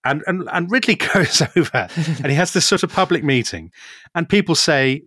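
Lively, laughing male storyteller. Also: fairly high pitch, moderate pace, husky, no echo, studio quality. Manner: animated storytelling, often laughing mid-sentence. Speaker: guest storyteller explaining history. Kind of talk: casual history podcast conversation.

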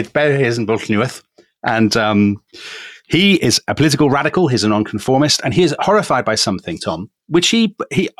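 A man's voice: on the low side, dry recording, studio quality. An English man co-hosting a history podcast, telling the story with enthusiasm and frequent chuckles. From England. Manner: enthusiastic storytelling, chuckles often, addresses co-host by name. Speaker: podcast co-host. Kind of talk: casual history podcast chat.

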